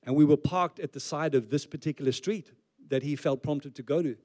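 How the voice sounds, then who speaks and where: A man's voice: a little high, a little fast, mellow. A man, preaching as a pastor in a conversational way with joking asides. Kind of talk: sermon.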